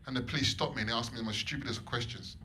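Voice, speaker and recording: A man performing stand-up comedy in a comedy club, animated, swinging between loud bursts and low mutters. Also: rapid-fire. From England. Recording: live club set with audience noise. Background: audience laughter.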